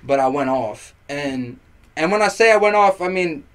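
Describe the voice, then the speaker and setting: A young man, a rapper on as a podcast guest, telling a party story in casual chat, animated and profane, packed with fillers. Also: fairly high pitch, normal speed.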